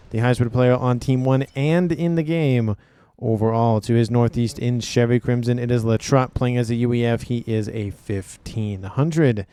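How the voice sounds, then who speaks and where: A man's voice: mid-range voice, warm tone, smooth. A man casting a strategy game match, upbeat and chatty, talking through the map as he goes. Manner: upbeat, chatty, thinks aloud with fillers. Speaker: game caster. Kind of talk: game commentary.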